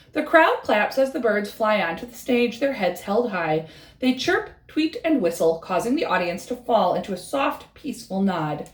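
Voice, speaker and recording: A woman reading a bedtime story aloud with a rhythmic, expressive delivery. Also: mid-range voice, moderate pace, reverberant.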